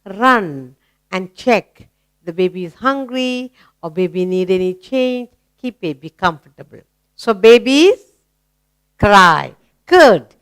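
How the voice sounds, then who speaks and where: A woman with an Indian English accent teaches children an English lesson, asking simple questions and praising their answers. Her medium-pitched voice is animated, fairly bright and clean, with a slow, encouraging sing-song delivery.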